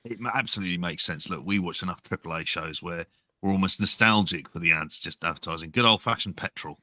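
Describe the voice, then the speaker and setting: A man's voice: deep voice, fast talker, sharp tone, no echo. A man co-hosting a podcast, giving blunt, wry opinions and swearing freely. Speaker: podcast co-host. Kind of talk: casual podcast chat.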